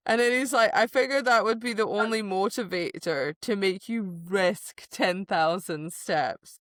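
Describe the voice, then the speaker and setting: A woman's voice: medium pitch, measured pace, hardly any pauses, a bit bright, dry recording, clean studio sound. A woman co-hosting a book podcast in casual chat, animatedly retelling scenes, acting out quoted lines and laughing often.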